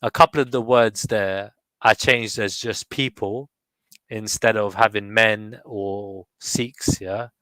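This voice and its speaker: A man in his thirties reading his own poem slowly and chatting with some hesitant restarts. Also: lowish voice, steady tone, a bit bright, dry recording, poor audio. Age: 30s. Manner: slow deliberate recitation, hesitant restarts in chat. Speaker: poet reading his work. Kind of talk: casual online chat and poetry reading.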